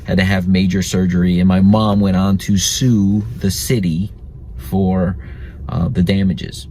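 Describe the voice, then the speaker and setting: A man's voice: sits low, flat delivery, measured pace, dark tone. A man hosting a podcast, telling a family story in a chatty, reflective way and laughing now and then. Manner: chatty, reflective, laughs at his own stories. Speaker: podcast host.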